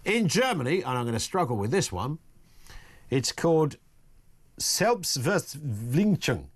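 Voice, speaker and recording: A man's voice: on the high side, big pitch swings, normal speed. A middle-aged man hosting talk radio, delivering a rambling, opinionated monologue full of jokey, sardonic asides. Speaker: radio talk show host.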